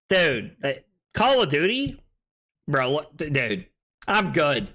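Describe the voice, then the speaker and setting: A man's voice: fairly high pitch, wildly swooping pitch, slow pace, bright, forceful tone. A man streaming a card game tournament, tipsy, swearing and laughing as he banters casually with chat. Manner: rowdy, swearing, laughing between lines. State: tipsy from drinking.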